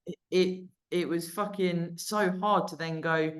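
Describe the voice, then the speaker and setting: A woman's voice: on the low side, steady tone, unhurried. A woman hosting a podcast, chatting casually with her guest, agreeing often and now and then swearing. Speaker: podcast host. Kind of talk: interview chat.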